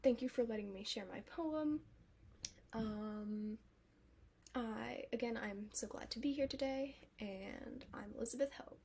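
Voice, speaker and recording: Soft-spoken woman performing spoken word poetry. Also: on the high side, measured pace, a little hiss or hum. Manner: rhythmic, soft and breathy delivery.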